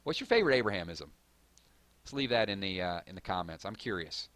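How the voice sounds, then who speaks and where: A man with a very low voice hosts a relaxed live stream from home, rambling from one viewer comment to the next. He talks loosely, full of "um"s and restarts, and the sound is close and dry. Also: fast talker, no echo. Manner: rambling and conversational, with frequent fillers and self-corrections.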